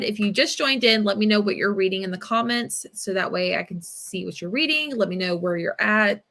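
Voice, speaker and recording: A young woman talks casually to her livestream viewers in a mid-range voice. She rambles with plenty of fillers and gets animated when she tells a story. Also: medium pitch. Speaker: livestream book-club host.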